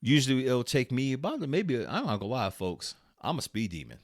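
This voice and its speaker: A man's voice: medium pitch, very animated, fairly quick, no room sound, clean studio sound. A middle-aged man from Arizona hosting his vlog, telling a casual story with free swearing, frequent laughs and many restarts. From Arizona, USA. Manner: chatty, swears freely, laughs often, restarts sentences. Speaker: vlog host.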